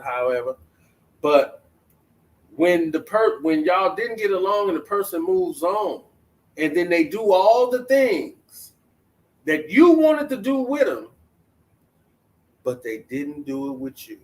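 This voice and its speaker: A man's voice: fairly high pitch, low-quality recording. A man hosting a talk show, chatting casually and putting questions to his listeners. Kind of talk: casual commentary.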